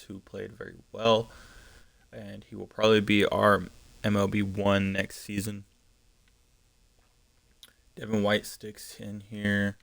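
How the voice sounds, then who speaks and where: A man with a gravelly, slightly low voice talks casually through a live stream. He thinks out loud, pausing on ums and correcting himself as he goes. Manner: thinking aloud, frequent ums and self-corrections. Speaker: gaming streamer.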